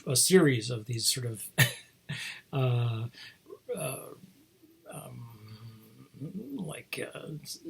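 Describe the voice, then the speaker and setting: A man's voice: medium pitch, slightly rough. A man hosting a casual chat about toy figures, rambling into asides and chuckling often. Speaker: host showing toy figures.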